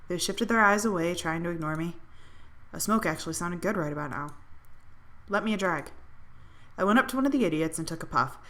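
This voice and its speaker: Streamer, woman, reads story-game narration with bite and attitude, low-pitched. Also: fast. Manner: expressive, sardonic, swears freely. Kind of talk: dramatic reading of a visual novel.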